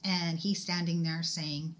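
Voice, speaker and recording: A woman's voice: on the low side, steady tone, slow, a little hiss or hum. A middle-aged woman telling a personal story to her viewers from home in a casual storytime vlog. She talks in a chatty, emphatic way and speaks straight to her audience.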